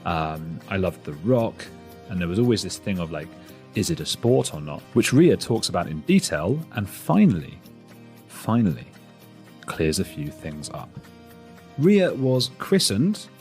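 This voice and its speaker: A man's voice: low-pitched, big pitch swings, measured pace, a little mellow, faint music behind. A man hosting a podcast, giving a chatty, rambling solo introduction with self-deprecating asides. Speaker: podcast host.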